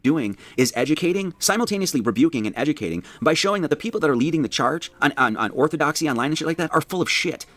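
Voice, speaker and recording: Male pastor, indignant and rapid-fire, mid pitch, dry recording. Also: lively intonation, a bit bright, no echo. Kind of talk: indignant argument in a played clip.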